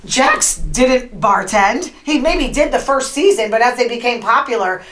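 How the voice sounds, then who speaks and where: A woman hosting a podcast, chatting in an opinionated, animated way as she retells gossip and quotes people. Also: on the high side, measured pace, echoey room, rough recording. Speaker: podcast host. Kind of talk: casual gossip monologue.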